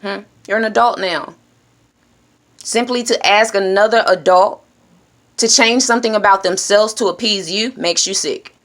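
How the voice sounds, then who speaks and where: A woman speaking straight to her audience in a motivational monologue, blunt and preachy, often pausing with a questioning "hmm?". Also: mid-range voice, fairly bright tone. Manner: direct, preachy, adds "Hmm?" checks. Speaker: self-help speaker.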